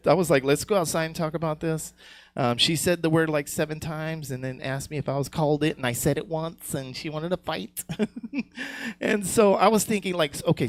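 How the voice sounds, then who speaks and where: A man doing a live stand-up set on a comedy stage, crude and rambling, laughing at his own jokes and often asking "you know what I'm saying". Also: on the high side.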